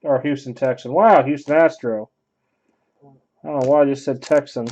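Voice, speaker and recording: A man's voice: mid-range voice, steady tone, moderate pace, darkish tone, lo-fi sound, a little hiss or hum. A man hosting a card break, giving offhand running commentary and thinking aloud as he opens packs. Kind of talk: casual card-opening commentary.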